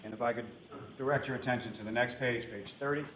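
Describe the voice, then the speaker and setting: A man's voice: medium pitch, fairly even intonation, fast talker. A man questioning a witness in court as an attorney, formal and polite, repeating set phrases. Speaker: trial attorney. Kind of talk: courtroom direct examination. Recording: roomy courtroom with background noise.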